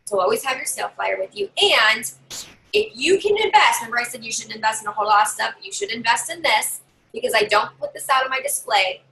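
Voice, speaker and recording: A woman giving chatty, animated tips as a direct sales consultant in a casual live video. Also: quick pace, a little hiss or hum, rough recording. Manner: chatty, animated, acts out customers in higher voices.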